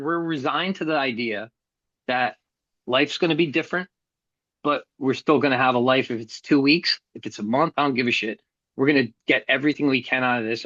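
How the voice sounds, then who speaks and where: A man's voice: medium pitch, fairly bright tone, no room sound, muffled recording. A middle-aged man telling a hard personal story as a guest, earnest and blunt, with some casual swearing. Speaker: podcast guest.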